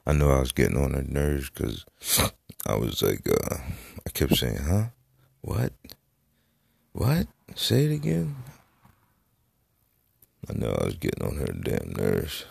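A man's voice: extremely low pitch, normal speed, gravelly, darkish tone, slightly rough, no echo. A middle-aged man hosting a casual solo podcast, rambling and swearing freely, trailing off into fillers. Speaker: podcast host. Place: Florida.

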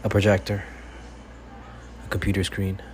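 A man's voice: deep voice, completely flat delivery, normal speed, a little mellow. A man hosting his own sports fan podcast, delivering a profane, fired-up monologue. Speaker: podcast host. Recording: faint background noise.

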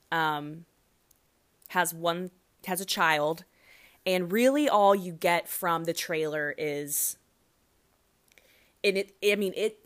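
A woman in her thirties chats through her own podcast episode, rambling and restarting her sentences and leaning on fillers. Her voice sits a little low for a woman, and it jumps now and then into loud, animated outbursts. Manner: rambling, chatty, lots of fillers and self-corrections; animated swings into loud excited bursts. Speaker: podcast host. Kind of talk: casual solo podcast chat.

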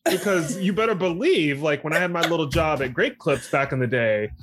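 A man's voice: fairly high pitch, fairly quick, background noise. A man co-hosting a podcast, chatting casually and playfully while recapping a movie. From Texas. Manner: chatty, animated, playful and joking. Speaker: podcast co-host.

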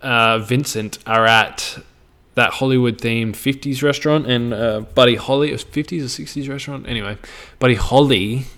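A man's voice: mid-range voice, normal speed, fairly bright tone. Rambling, foul-mouthed young Australian man. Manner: loose and chatty, swears often, trails off and restarts. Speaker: vlogger. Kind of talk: casual rambling monologue.

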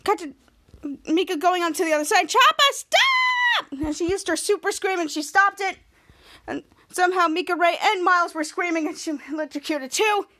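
Female podcast host, very high and bright, casual scene-by-scene recap that acts out the quotes. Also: steady tone, a little fast. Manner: retells scene by scene with repeated "cut to", acts out lines.

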